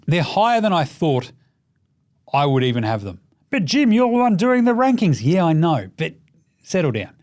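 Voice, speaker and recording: An Australian man hosting a basketball show, talking in a casual, profane and mocking way, getting loud when he rants. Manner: gets loud and high when ranting. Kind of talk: casual sports commentary rant.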